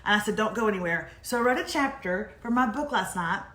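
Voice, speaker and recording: Woman, forties, chatty storyteller, fairly high voice, echoey room. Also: animated, a little fast, fairly bright tone. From Texas. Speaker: co-host of a morning live show. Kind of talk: casual live chat.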